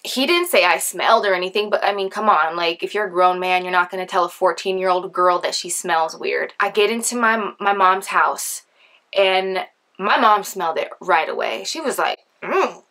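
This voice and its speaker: A young woman vlogger telling a story casually, chatty and animated, with lots of filler words. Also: fairly low pitch, moderate pace. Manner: chatty, animated, acts out quoted voices; heavy use of filler like.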